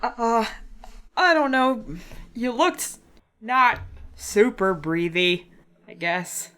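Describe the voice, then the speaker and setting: A woman playing a tabletop game, earnest and expressive, slipping into character. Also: fairly high pitch, very slow, clear, resonant tone. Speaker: player.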